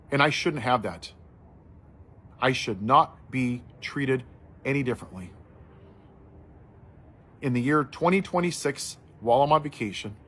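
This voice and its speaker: A man giving impassioned social commentary, telling a story and then building to forceful outrage. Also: medium pitch, slight background noise.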